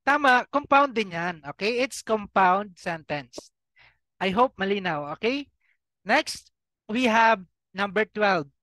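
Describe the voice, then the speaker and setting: A man's voice: high-pitched, expressive, a little slow, bright, forceful tone, no room sound, low-quality recording. A man with a Filipino accent teaching an online review class for an exam, quizzing his students and switching between Tagalog and English.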